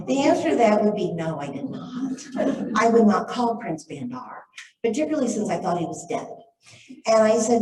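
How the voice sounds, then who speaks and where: A middle-aged woman speaking to a live audience, spinning a lively anecdote and slipping into the voices of the people she quotes. Her voice has an everyday mid pitch. The room is echoey, and she is picked up from a distance with a faint hiss behind her. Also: normal speed. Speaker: author and speaker. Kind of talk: storytelling talk to a live audience. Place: library event room.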